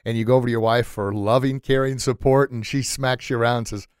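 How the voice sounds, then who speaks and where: A man hosting a podcast interview in a small sound room, excitable and quick to laugh, often stumbling over his words. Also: medium pitch, smooth, no room sound, clean studio sound. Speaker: podcast host. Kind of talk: casual chat.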